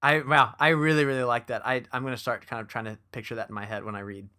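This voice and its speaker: An enthusiastic man co-hosts a book chat. His voice is bright and lively, and he stumbles over his words when he is excited. He slows down to a steady pace when he reads from the book. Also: mid-range voice. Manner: enthusiastic, many restarts. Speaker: podcast co-host. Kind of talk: casual book discussion and reading aloud.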